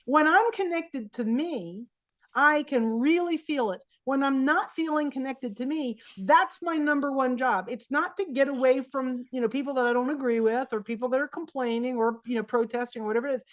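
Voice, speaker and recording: A woman's voice: high-pitched, moderate pace. Earnest woman on dull lo-fi audio. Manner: earnest, repeats phrases for emphasis. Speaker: guest, life coach. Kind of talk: reflective interview talk.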